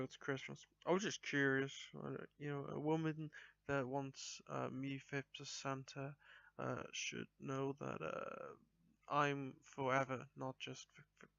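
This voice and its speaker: A man hosting a podcast in casual chat, rambling with many pauses. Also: mid-range voice, vocal fry, a bit bright, no room sound, dull audio. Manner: rambling, many ums and restarts. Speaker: podcast host.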